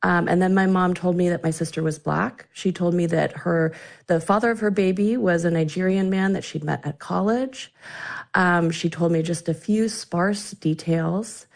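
A woman's voice: lowish voice, steady tone, normal speed, creaky. A woman in her forties, an author being interviewed on the radio, telling a personal family story in an earnest, reflective way with frequent restarts. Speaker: author and guest.

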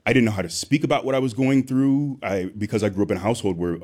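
Man, ex-athlete guest, earnest and candid, low-ish voice. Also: racing, few pauses, a little mellow. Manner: earnest, with frequent restarts. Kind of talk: candid interview answers.

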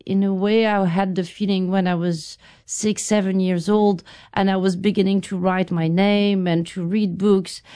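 Woman, middle-aged, smooth resonant voice, reflective interview guest. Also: mid-range voice, level tone, mellow. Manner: thoughtful, halting, with restarts.

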